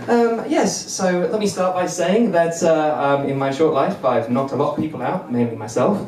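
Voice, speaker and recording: A man's voice: a little high, big pitch swings, normal speed, crowd noise. A young man doing a bumbling, self-deprecating stand-up set on a comedy club stage, chuckling between lines. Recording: roomy venue, mic at a distance.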